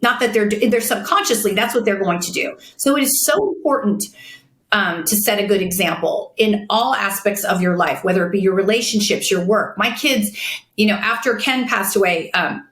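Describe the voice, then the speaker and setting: A woman's voice: medium pitch, normal speed, fairly bright tone. A middle-aged woman guest on an interview, speaking frankly and bluntly about her life. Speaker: guest, makeup artist and CEO. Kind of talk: casual interview chat. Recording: echoey room.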